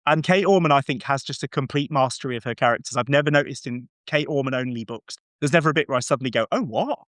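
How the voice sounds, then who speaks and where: A man hosting a casual podcast chat, excitedly acting out quoted lines in shifting voices. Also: mid-range voice, fast talker, no room sound, clean studio sound. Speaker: podcast host.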